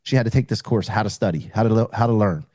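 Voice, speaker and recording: Earnest man with a dark, dry voice. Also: fairly low pitch, quick pace, no echo. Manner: earnest, explanatory, with frequent restarts. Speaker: podcast guest. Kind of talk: casual conversation.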